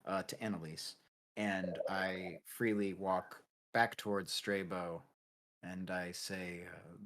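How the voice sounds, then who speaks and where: Low-voiced hesitant male player. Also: fairly even intonation, slow pace, fairly bright tone. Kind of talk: tabletop role-play.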